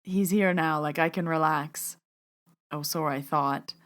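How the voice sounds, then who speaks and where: Chatty woman host, lowish voice. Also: fairly even intonation, measured pace. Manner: chatty, frequent "like" fillers, acts out her inner thoughts. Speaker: podcast host and medium. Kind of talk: casual podcast storytelling.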